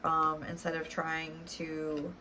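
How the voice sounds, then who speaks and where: A woman's voice: low-pitched, monotone, takes it slowly, sharp tone, slight background noise. A young woman giving a casual tarot reading, chatty and full of fillers, often laughing as she talks. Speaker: tarot reader.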